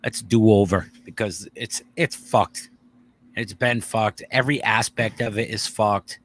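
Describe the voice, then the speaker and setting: A man's voice: on the low side, steady tone, unhurried. A man co-hosting a casual podcast chat, blunt and heavy on swearing, rambling through his points. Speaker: podcast co-host.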